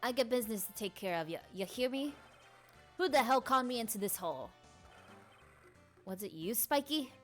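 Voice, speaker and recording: A woman voicing a brash male loan-shark thug with a put-on Brooklyn accent, swaggering and shouting in street slang. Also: on the high side, lively intonation, normal speed, long pauses, faint music behind, lightly acted. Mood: blustering. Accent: mock Brooklyn.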